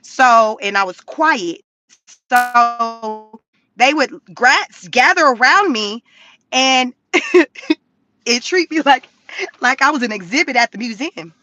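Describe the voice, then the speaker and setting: Woman from california spinning a story for her viewers, laughs a lot, cusses, bright sharp voice. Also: a little high, slow pace, pauses often. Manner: animated, laughs often, swears freely. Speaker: vlogger.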